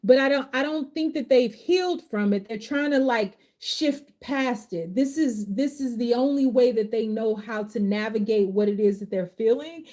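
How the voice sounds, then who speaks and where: A woman's voice: a little high, moderate pace, few pauses, dark tone. Heartfelt woman giving a tarot reading. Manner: heartfelt, casual slangy talk. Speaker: tarot reader and life coach.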